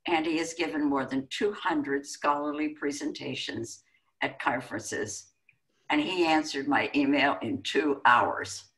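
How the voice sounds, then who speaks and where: Low-voiced woman reading an introduction. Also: unhurried, a bit bright, low-quality recording. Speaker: event host introducing a speaker.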